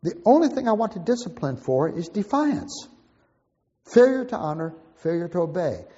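A man's voice: high voice, big pitch swings, moderate pace, mellow, slightly rough. An older man teaching on Christian parenting in a conversational, plain-spoken way. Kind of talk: teaching talk to an audience. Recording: dull lo-fi recording with long hall reverb.

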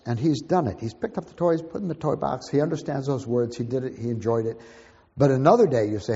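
A man's voice: mid-range voice, animated, fairly quick, dark tone, slightly rough. An older man teaching on Christian parenting in a conversational, plain-spoken way. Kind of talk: teaching talk to an audience. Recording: dull lo-fi recording with long hall reverb.

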